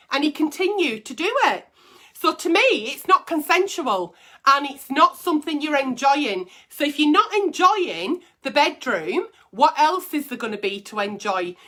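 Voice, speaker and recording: A woman's voice: high-pitched, bright, forceful tone. A middle-aged woman hosting a casual advice stream, blunt and profane as she reads and answers letters. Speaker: advice show host.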